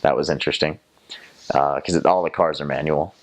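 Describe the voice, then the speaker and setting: This returned missionary from North Carolina talks briskly in a steady, rumbling low voice marked by a Southern American accent. His casual storytelling about missionary life is sprinkled with playful accent impressions from the young man.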